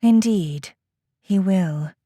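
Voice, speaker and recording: A woman voicing a hushed, cryptic alien elder. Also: mid-range voice, drawn-out words, dry recording, clean studio sound. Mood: solemn, cryptic. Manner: hushed, half-whispered, solemn. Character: calm cryptic alien female elder teacher.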